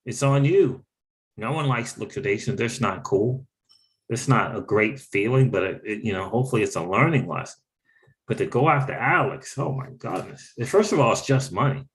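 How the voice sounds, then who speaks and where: A man hosting a casual crypto livestream with an average, mid-range voice. He talks in an animated, exclaiming way and doubles up on phrases for emphasis. Between points he reads out and thanks viewers from the chat. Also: medium pitch, moderate pace.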